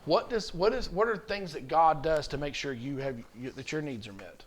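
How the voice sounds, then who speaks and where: A man's voice: on the high side, lively intonation, moderate pace, slight background noise. A man teaching a children's communion class, coaxing answers with repeated questions. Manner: coaxing, asks questions over and over. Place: church classroom.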